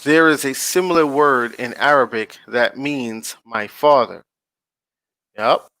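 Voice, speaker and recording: A man with a bright, forceful voice talks at a slow, deliberate pace while reading from a screen to his online audience. He stops often to check in with his viewers in relaxed slang. The sound is dry and close, with no room echo. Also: mid-range voice. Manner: slow, drawn-out reading with frequent checks to the listeners; addresses viewers directly in casual slang. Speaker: online channel host. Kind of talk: casual commentary reading from a screen-shared page.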